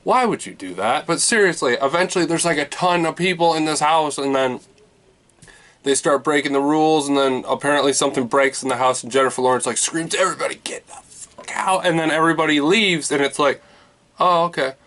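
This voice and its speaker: Casting: male vlogger, slightly high voice, ranting and cursing, loose and rambling. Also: fairly even intonation, a little fast, fairly bright tone. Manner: exasperated, swearing, lots of fillers. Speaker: movie reviewer. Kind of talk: casual vlog rant.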